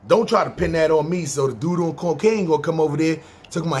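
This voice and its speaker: Fast and a little mellow with a breathy edge, this slightly high male voice belongs to a podcast storyteller from New York. He tells a long story in a casual, rambling way, with a New York accent, plenty of swearing, and acted-out quotes.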